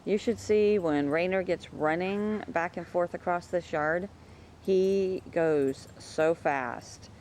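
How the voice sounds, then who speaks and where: A woman talking casually about her dogs in her yard, chatting away and calling to them in a high sing-song. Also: takes it slowly, a little mellow, slight background noise. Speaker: dog breeder. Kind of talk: casual home video narration.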